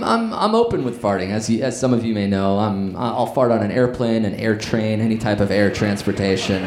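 A man's voice: on the low side, a little mellow. A man co-hosting a comedy podcast before a live audience, playful and laughing often. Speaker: podcast co-host. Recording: echoey live room, crowd noise.

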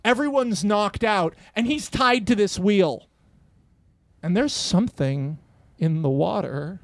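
A man with a high voice tells an over-the-top movie pitch like a comedian on a podcast, swearing freely and jumping into characters' quoted lines. The sound is dry and close to the mic, with no room around it. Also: no room sound. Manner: animated, profane, acts out characters' lines in quick quotes.

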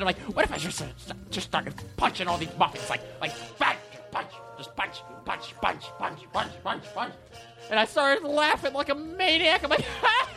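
A foul-mouthed, hot-headed man, played by a woman, rants manically through a comedy monologue. The voice sits a little high and cuts bright and sharp. A faint music bed runs underneath. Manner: profane, ranting, manic.

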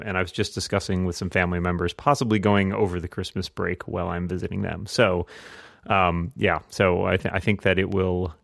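A man's voice: sits low, gravelly, fairly bright tone, no room sound, studio quality. A man in his thirties chatting on a podcast panel, wry, with chuckling asides. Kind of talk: casual chat.

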